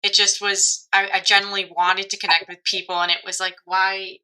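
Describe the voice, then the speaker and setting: Bright, reflective woman podcast host. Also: medium pitch, flat delivery, brisk, clean tone, rough recording. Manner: reflective, laughs often mid-sentence. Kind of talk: casual conversational interview.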